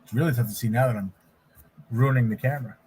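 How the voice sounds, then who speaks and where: A man's voice: medium pitch, fast, breathy edge. Casual male streamer, chatting while he draws, loose and rambling, full of restarts. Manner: rambling, relaxed, frequent restarts. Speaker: livestream host, artist. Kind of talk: casual livestream chat while drawing.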